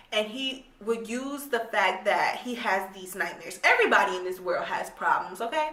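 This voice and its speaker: A woman's voice: mid-range voice, lively intonation, normal speed, few pauses, sharp tone. A young woman ranting bluntly about a book she hates, exasperated and swearing freely. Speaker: book reviewer. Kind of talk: casual rant review. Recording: echoey room, distant mic.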